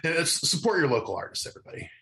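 A man's voice: on the high side, very animated, very fast, gravelly, sharp tone. A man co-hosting a podcast, chatting casually and rambling with lots of restarts and laughter. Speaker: podcast co-host. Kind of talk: casual chat.

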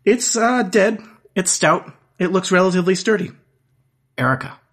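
A man acting as game master, narrating a text adventure aloud in plain, measured parser-style lines. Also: sits high, a bit bright.

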